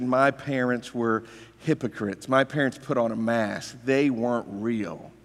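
A man's voice: mid-range voice, fairly bright tone, in a large hall. A male pastor preaching a sermon in a conversational, emphatic way, telling stories and asking rhetorical questions.

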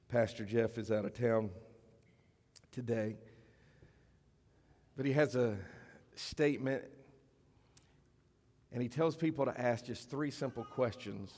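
A man preaching a sermon as a pastor, in a conversational style, slowing down for emphasis and sometimes dropping almost to a whisper. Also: mid-range voice, darkish tone. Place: church sanctuary. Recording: long reverb of a church hall.

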